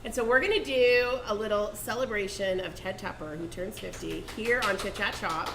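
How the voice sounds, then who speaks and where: A woman hosting a cooking show in a kitchen studio, chatting casually and bubbly, quick to laugh and repeat her guest. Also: medium pitch. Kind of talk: casual chat. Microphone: condenser mic. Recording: echoey room, faint background noise.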